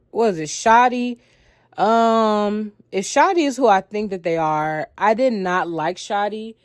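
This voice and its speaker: A woman's voice: mid-range voice, dry recording, clean studio sound. A young adult woman giving a candid, chatty review of a reality show, blunt and playful in her remarks. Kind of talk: casual review vlog.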